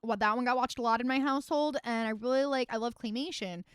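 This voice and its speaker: High-voiced woman streamer rambling casually. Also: fast talker, smooth, no room sound, clean studio sound. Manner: rambling, profane and wry. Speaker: streamer reviewing films. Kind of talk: casual chat on a live stream.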